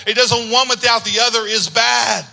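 Bright-voiced preacher man, high and forceful. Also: little pitch movement, moderate pace, vocal fry, poor audio. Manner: storytelling, swings from low conversational to loud shouted preaching. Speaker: pastor. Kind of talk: sermon.

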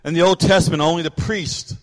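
A middle-aged pastor preaches a sermon from the pulpit in a voice that sits high for a man, with a steady tone and a slightly fast pace. He delivers it with animation, slipping into the voices of the people he describes. The long reverb of a church hall rings through the sound.

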